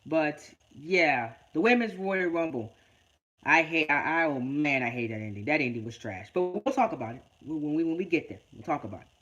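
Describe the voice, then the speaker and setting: A man's voice: a little high, expressive, fairly quick, sharp tone, dull audio. A man giving a casual podcast-style wrestling review. He stammers and repeats words often, and he rants in exasperation. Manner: ranting, exasperated.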